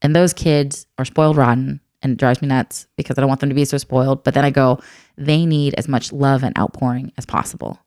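Low-voiced woman in candid chat. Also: steady tone, a little fast, darkish tone, no echo, studio quality. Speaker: adoptive mother. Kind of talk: casual podcast chat.

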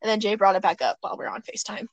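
This young woman speaks at a medium pitch in a steady tone but races along, captured in a rough recording with no echo. As a podcast co-host lounging on her bed at home, she chats casually, rambling, giggling, and correcting herself.

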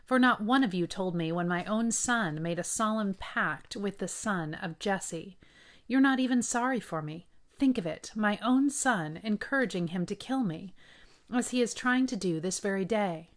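A woman reading the lines of a furious, accusing old king, with shouted accusations. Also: medium pitch, expressive, normal speed, close to an everyday voice. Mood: angry.

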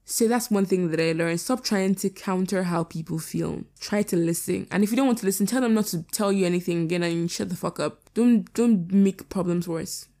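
Young woman in her late teens, low mellow voice, candid rapid casual monologue. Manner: candid, rapid, repeats herself for emphasis. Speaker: podcast host.

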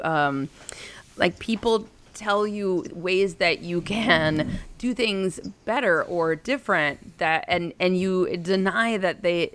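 A woman's voice: lowish voice, a bit bright. A woman in her thirties casually telling a personal story, rambling and profane, with an exasperated tone.

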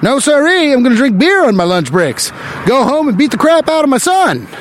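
A man's voice: extremely high pitch, big pitch swings, fairly quick, slight background noise, pitched above the performer's own voice. A man doing a blustering old-time factory worker. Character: gruff old-time male factory worker, rough-edged.

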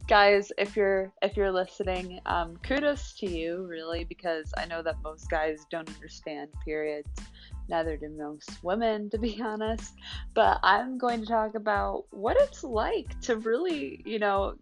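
A woman's voice: mid-range voice, a little slow, faint music behind. A young woman hosting a podcast in a casual, confessional chat, candid and laughing often, swearing freely. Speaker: podcast host.

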